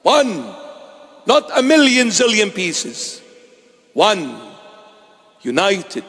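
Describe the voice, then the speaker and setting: A man's voice: high voice, wildly swooping pitch, very slow, fairly bright tone, in a large hall. A man preaching a sermon to his congregation in an emphatic, rhetorical style, repeating key phrases.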